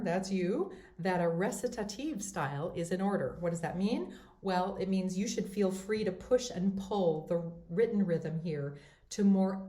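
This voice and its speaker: A woman giving a voice lesson as a teacher, explaining step by step in a clear, methodical way. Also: mid-range voice, dark tone. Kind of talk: instructional voice lesson. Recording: roomy echo.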